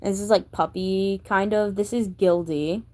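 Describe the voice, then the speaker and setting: A woman's voice: mid-range voice, steady tone, moderate pace, dark tone. A woman vlogger chatting casually about her sketchbook, rambling with many fillers and gushing like a fan. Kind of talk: casual chat.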